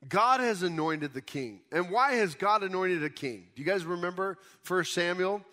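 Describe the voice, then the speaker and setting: A pastor preaching a conversational sermon, explaining scripture casually in everyday words. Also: male voice, high-pitched, expressive, normal speed, pushed and bright. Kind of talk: conversational Bible teaching sermon.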